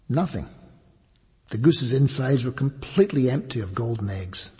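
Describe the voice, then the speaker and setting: A man narrating a fable in a measured storybook manner. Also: mid-range voice, expressive, darkish tone, breathy edge, long reverb tail.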